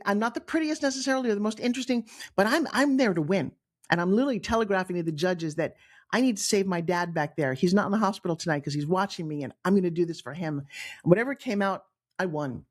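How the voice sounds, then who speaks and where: Animated middle-aged New York woman. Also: medium pitch. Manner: animated, acts out quoted voices, frequent restarts. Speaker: guest storyteller. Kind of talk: personal storytelling in a podcast.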